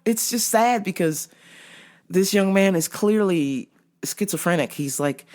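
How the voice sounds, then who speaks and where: A woman telling a story in a casual vlog, animated and profane, often laughing. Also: medium pitch, a little slow. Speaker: vlogger.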